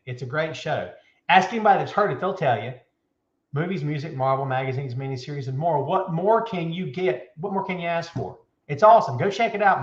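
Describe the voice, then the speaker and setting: Male host, 30s, hyped and jokey, talks a bit high, recorded in a roomy bare office. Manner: loud, joking, hyped. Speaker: show host. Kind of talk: live show, casual chat. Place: office with bare floor and window. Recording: echoey room, dull lo-fi sound.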